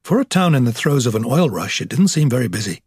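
Husky male narrator for a novel; steady, measured reading. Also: medium pitch, no room sound, studio quality. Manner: measured, even storytelling. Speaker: audiobook narrator. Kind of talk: scripted narration.

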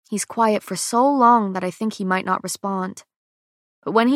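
A woman narrating a first-person romance audiobook in a soft, measured, intimate way. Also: medium pitch, no room sound, clean studio sound.

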